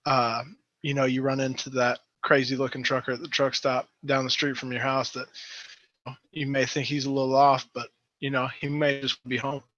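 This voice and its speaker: A male guest in a casual chat, easygoing and earnest, speaking haltingly. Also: mid-range voice, little pitch movement, fairly bright tone, dry recording, dull audio.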